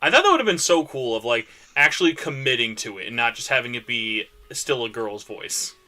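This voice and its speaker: A man's voice: medium pitch, lively intonation, fairly quick, sharp tone. A man hosting a podcast in casual chat, talking animatedly and rambling with lots of fillers. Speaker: podcast host.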